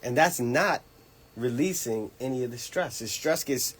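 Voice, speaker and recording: A man's voice: mid-range voice, lively intonation, normal speed, a bit bright, husky. A man hosting a radio show, chatting casually and agreeing emphatically with his guest. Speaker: radio host.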